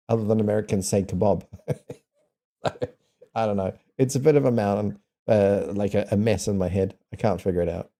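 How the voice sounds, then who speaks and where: A man's voice: fairly low pitch, fairly even intonation, fast, creaky, warm tone. A man with a New Zealand accent chatting casually with viewers, playfully sounding out foreign words and laughing often. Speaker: streamer.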